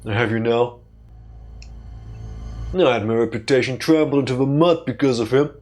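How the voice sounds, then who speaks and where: A man voicing a vengeful male hybrid villain in a put-on Southern American drawl, slow, grim and menacing. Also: medium pitch, darkish tone, soft background music, lightly acted.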